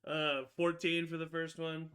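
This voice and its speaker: A man with a bright, forward voice pitched a little high, talking through his turn at a tabletop game. He rambles animatedly, with plenty of fillers and quick laughs. His delivery is casual and eager. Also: completely flat delivery. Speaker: player.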